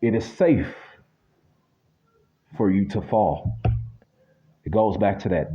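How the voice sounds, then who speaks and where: A man's voice: on the low side, slow, pauses often, lo-fi sound. A man from the United States giving a casual spiritual reading that turns into a blunt, sweary rant. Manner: blunt, ranting, swears freely.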